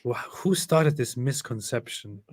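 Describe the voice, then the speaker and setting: Deadpan male co-host reading chat aloud, mid-range voice, dry and close sound. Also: mid-range voice, measured pace, dry recording. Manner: reads chat comments aloud with deadpan sarcasm. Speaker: livestream co-host reading viewer comments. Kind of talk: casual live chat.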